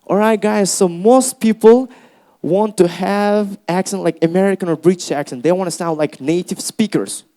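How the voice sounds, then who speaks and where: High-pitched young male English teacher. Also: moderate pace. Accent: Uzbek. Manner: lively and encouraging, addresses the class as guys. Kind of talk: classroom speaking workshop. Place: classroom with students.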